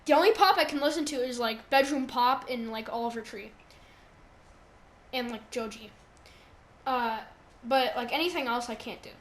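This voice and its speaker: Chatty teen girl, high voice. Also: normal speed, long pauses, a little hiss or hum. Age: teens. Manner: rambling, lots of fillers. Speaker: podcast host. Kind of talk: casual chat.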